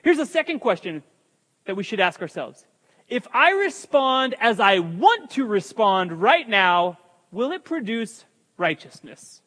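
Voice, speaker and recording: High-voiced man preaching in a hall. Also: big pitch swings, unhurried, a bit bright. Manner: emphatic preaching with asides to the congregation. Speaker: pastor. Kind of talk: sermon. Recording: long hall reverb.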